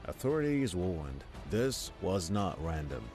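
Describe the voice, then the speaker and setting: A man giving scripted, measured news narration with a dramatic delivery. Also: low-pitched, very animated, music in the background.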